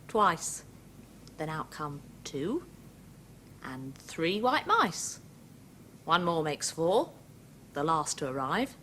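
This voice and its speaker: A woman presenting a children's show, leading finger-counting rhymes and little songs for young children in a slow, playful, sing-song way. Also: low voice, big pitch swings, pushed and bright, a little hiss or hum.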